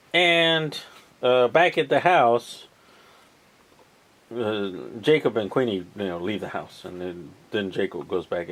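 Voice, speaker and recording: A man casually retelling a film plot, rambling with lots of ums and uhs and the odd swear word. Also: mid-range voice. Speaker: vlogger.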